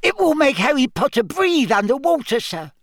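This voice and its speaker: Dobby, a squeaky house elf. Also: male voice, sing-song, moderate pace, vocal fry, no room sound, full character voice. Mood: earnest. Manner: broken grammar, eager, servile.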